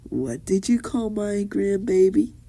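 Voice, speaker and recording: A fierce, protective grandmother ninja speaks in a raised, menacing evil voice, as a man puts her on. The delivery is slow and the tone dark underneath. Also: sits high, animated, voice pushed up, exaggerated voice. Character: fierce older woman ninja, doting grandmother.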